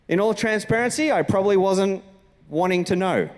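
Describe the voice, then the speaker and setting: A man's voice: very high voice, animated, fairly quick. A man with an Australian accent, a senior pastor giving a sermon in a conversational, storytelling way, acting out the greetings he quotes. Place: church auditorium. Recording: long reverb from a church hall.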